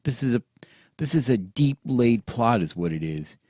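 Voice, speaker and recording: A man voicing an excitable boy adventurer in a storybook reading, breathless and insistent, often near shouting. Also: medium pitch, normal speed, no room sound, clean studio sound, voice pushed up, natural voice. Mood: excited.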